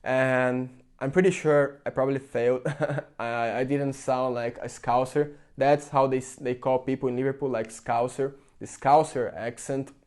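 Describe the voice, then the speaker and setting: A man's voice: medium pitch, fairly even intonation, normal speed, darkish tone. A young man from Brazil, speaking English with a Brazilian Portuguese accent, giving an earnest, chatty opinion to his viewers with lots of "like" fillers. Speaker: vlogger. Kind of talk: casual opinion talk to camera.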